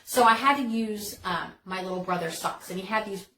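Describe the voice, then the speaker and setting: A woman hosting a storytelling vlog, telling a childhood story in a casual, animated way, full of fillers and dramatic turns. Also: medium pitch, a little fast. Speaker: storytelling vlogger. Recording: echoey room with faint noise.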